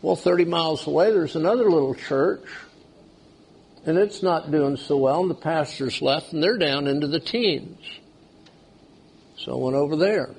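A man's voice: a little high, moderate pace, vocal fry, darkish tone, husky. A man preaching a sermon, asking the congregation questions as he goes. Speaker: pastor.

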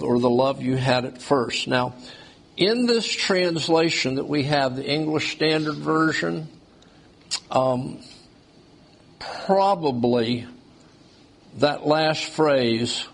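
A man's voice: a little high, takes it slowly, creaky, long pauses. A man preaching a sermon, asking the congregation questions as he goes. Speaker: pastor.

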